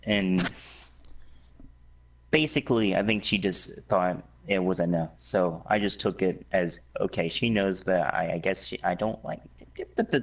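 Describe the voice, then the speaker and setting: Crude teasing young man, lowish voice. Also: a little slow, creaky. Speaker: guest. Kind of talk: casual late-night chat.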